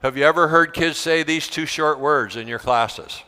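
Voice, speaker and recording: A man's voice: a little high, normal speed, bright, forceful tone. A man talking to teachers about his classroom, telling stories and mimicking the whiny voices of his students. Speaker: teacher giving a talk to teachers. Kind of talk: storytelling talk with acted-out student voices. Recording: long hall reverb.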